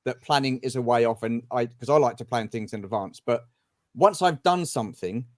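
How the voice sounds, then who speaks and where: A man's voice: mid-range voice, fairly quick, darkish tone, no echo, clean studio sound. A man from the United Kingdom hosting a video-call livestream, jokey and playful, with frequent stammering restarts. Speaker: livestream host. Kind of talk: livestream discussion.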